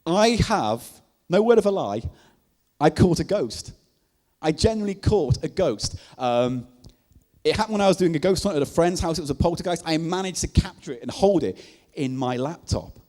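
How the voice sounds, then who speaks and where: Lively man telling ghost stories on stage. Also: a little high, normal speed. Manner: animated, laughs at his own stories. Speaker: stand-up comedian. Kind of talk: comic storytelling on stage. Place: live comedy night in a venue.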